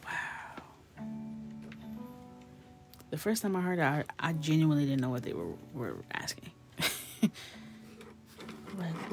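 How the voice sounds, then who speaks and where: A woman's voice: a bass voice, sing-song, measured pace, vocal fry, pauses often, soft background music. A woman hosting a coloring livestream, chatting casually, laughing and reacting to viewers' comments. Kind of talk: casual chat while coloring.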